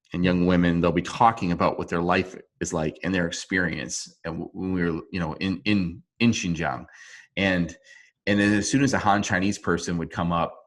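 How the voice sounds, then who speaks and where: Low-voiced man, remote interview guest, earnest and halting, speaks over a video call. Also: fairly bright tone. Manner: earnest, halting, with frequent restarts.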